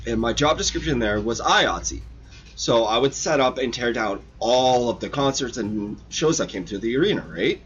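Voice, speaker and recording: A man telling stories with lots of swearing, his pitch swinging up and down as he acts out the moments. The sound is dull and lo-fi, like a home stream recording. He hosts the chat in a loose, casual way. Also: normal speed. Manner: profane, animated storyteller. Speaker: host of a model-building stream.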